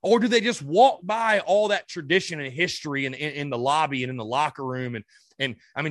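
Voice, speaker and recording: A man hosting a sports podcast, furious and ranting, swearing and stammering as he vents, swinging between loud outbursts and low mutters. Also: fairly quick, dry recording, clean studio sound. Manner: heated and ranting, swearing, with many stammered restarts. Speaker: podcast host. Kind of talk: sports fan rant.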